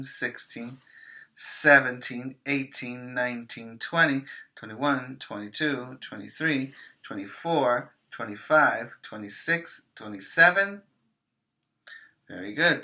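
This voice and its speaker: A man teaching preschoolers in an online class, chanting and singing in a slow, encouraging sing-song. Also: mid-range voice, bright, forceful tone. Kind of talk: sing-song classroom lesson for small children. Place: home or classroom, recording for virtual class.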